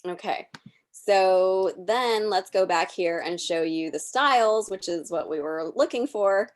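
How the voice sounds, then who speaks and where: A woman presenting a workshop over a video call, explaining software step by step as she clicks through it. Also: medium pitch, a little slow. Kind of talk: live software demonstration.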